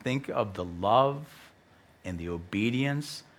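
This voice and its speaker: A male pastor with an American accent preaching a sermon, telling the story with animated delivery and acted-out voices. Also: lowish voice, takes it slowly. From United States.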